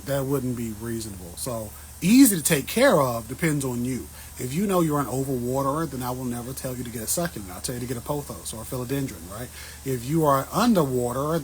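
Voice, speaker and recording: A man chatting casually with his viewers on an outdoor patio, answering plant questions in a joking, animated way. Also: mid-range voice, slight background noise, low-quality recording. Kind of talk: casual livestream chat.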